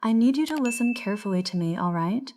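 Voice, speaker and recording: A woman voicing a kind, calm male police officer in a storybook, speaking gently and clearly. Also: on the high side, fast, a little hiss or hum, close to an everyday voice. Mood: gentle.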